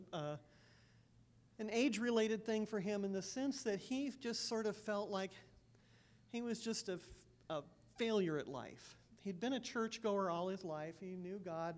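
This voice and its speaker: A woman pastor sharing earnest personal stories in a church sermon, with soft laughs between thoughts. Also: on the low side.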